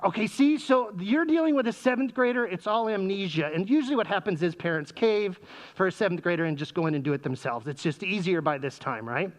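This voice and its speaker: A man's voice: sits high, low-quality recording. A man giving a humorous talk to parents, speaking through a face mask and often quizzing the audience with questions. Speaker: presenter speaking to parents, former sixth grade teacher.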